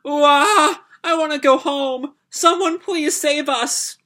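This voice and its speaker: A man's voice: slow pace, bright, forceful tone, heavily acted. A man voicing a frightened little girl who sobs and wails to be taken home, read aloud from a manga. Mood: wailing. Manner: wailing, high and strained.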